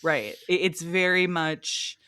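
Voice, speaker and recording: A woman co-hosting a podcast, chatting playfully, laughing often and reading aloud quickly. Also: lowish voice, sharp tone, clear, resonant tone, no room sound, studio quality. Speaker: podcast co-host. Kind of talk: casual chat.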